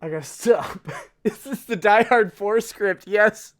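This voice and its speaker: A man's voice: high-pitched, measured pace, fairly bright tone. A man hosting a show, reading a book aloud with sarcastic asides and frequent laughter. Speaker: host. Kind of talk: mocking dramatic reading of a book.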